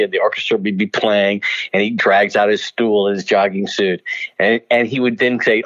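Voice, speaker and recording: An older man, a guest actor in an interview, telling animated anecdotes, laughing often and slipping into voices for the people in his stories. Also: lowish voice, moderate pace. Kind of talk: storytelling interview. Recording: dull lo-fi audio.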